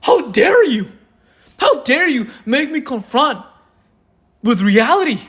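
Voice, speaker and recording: A man's voice: sing-song, slow pace, a bit bright, heavily acted. A man putting on a mocking voice of a whiny, self-important man who is offended at being criticized. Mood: mock outrage. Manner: mocking, shrill and outraged.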